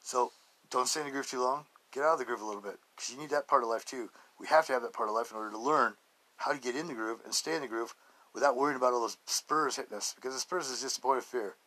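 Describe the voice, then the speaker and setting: Guy with a bright punchy voice rambling on his podcast, folksy and jokey, laughs a lot. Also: mid-range voice, fast. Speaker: podcast host. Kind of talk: casual rambling monologue.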